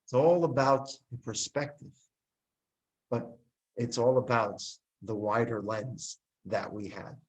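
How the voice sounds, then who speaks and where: A man, likely a rabbi, giving a sermon and telling a story, acting out the characters' dialogue with lively expression. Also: medium pitch, slow, poor audio. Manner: animated storyteller who acts out the dialogue.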